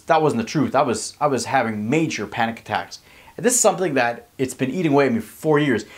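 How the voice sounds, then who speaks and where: Young guy vlogging a story, really animated, keeps saying literally and like, voice swings all over. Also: mid-range voice. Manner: animated, emphatic, repeats words and says "literally" and "like" a lot. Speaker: vlogger and public speaking coach. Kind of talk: personal storytelling to camera.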